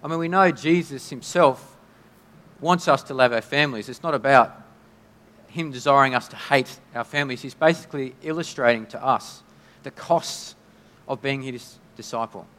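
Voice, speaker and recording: A man preaching a sermon in a conversational, halting way, often restarting his sentences. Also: mid-range voice, a bit bright. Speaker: pastor. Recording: long hall reverb.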